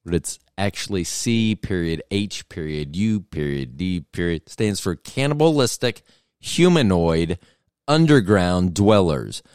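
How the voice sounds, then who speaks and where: A man's voice: sits low, animated, a little slow, a little mellow, clear, resonant tone, no room sound, studio quality. A middle-aged man hosting a podcast, telling a rambling comedic story that keeps interrupting itself. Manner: meandering, self-interrupting storytelling. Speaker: podcast host.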